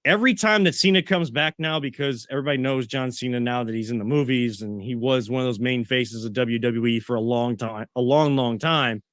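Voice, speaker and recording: A man's voice: mid-range voice, a little fast, hardly any pauses, a bit bright, dry recording, clean studio sound. A man co-hosting a sports talk show, ranting and getting worked up as he makes his point. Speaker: co-host.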